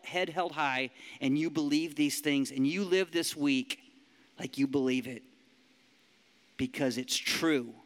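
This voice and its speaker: A man preaching a sermon as pastor, lively and emphatic, leading the room in declarations. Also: on the high side. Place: church hall. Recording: long hall reverb.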